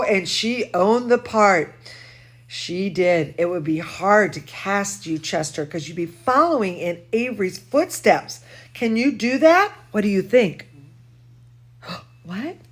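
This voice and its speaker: A young woman with a fairly high voice chats warmly to a puppet at bedtime. Her pitch swings up and down in a bright, sing-song way, like a teacher entertaining little kids. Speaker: dance teacher reading a bedtime story. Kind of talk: bedtime story chat with a puppet.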